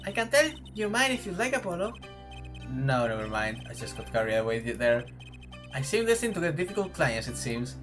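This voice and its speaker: Streamer playing an eager, awkward young attorney, pitched up, bouncy delivery, faint music under. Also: big pitch swings, fairly quick, a bit bright. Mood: earnest, flustered. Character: earnest, flustered young male defense attorney. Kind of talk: let's play character reading.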